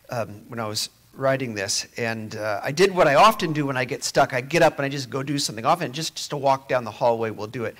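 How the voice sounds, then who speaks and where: A man's voice: medium pitch, lively intonation, quick pace, hardly any pauses. A man preaching a sermon in a conversational way, dropping to near-whispers at times. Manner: conversational, moving between quiet near-whispers and emphatic rises.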